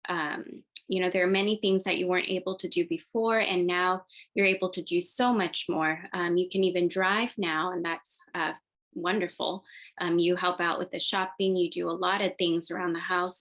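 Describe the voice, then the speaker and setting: A woman with a slightly low voice interviews her husband. She asks her questions gently and sounds supportive. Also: steady tone, moderate pace. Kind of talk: personal interview.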